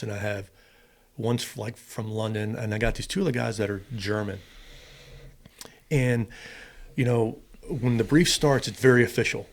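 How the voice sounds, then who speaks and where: A middle-aged man, a former fighter pilot, telling stories in an interview and acting out what people said. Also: mid-range voice. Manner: animated, acts out quotes with emphasis. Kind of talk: storytelling interview.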